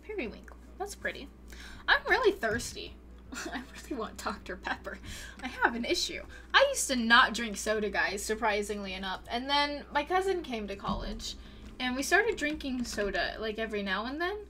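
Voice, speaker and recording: A young woman livestreaming a game in casual chat, excitable and prone to gasping and squealing at what she finds. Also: on the high side, moderate pace. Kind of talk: casual gaming stream chat.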